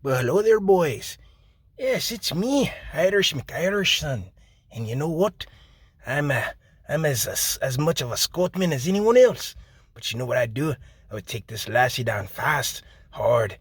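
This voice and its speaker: A man putting on a leering, boastful Irish-Scots character who talks loud and stammers now and then. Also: fairly high pitch, huge pitch swings, brisk, breathy edge, dry recording, voice pushed up, full character voice.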